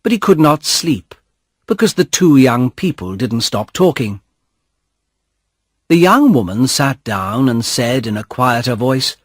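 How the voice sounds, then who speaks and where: Slow, husky male storybook narrator. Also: medium pitch, lively intonation, no room sound, clean studio sound. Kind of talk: graded-reader story narration.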